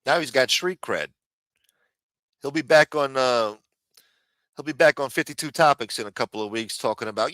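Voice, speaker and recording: A man's voice: mid-range voice, moderate pace, long pauses, fairly bright tone, no room sound, clean studio sound. A man hosting a live commentary stream, sarcastic, profane and mocking as he talks. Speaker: livestream host.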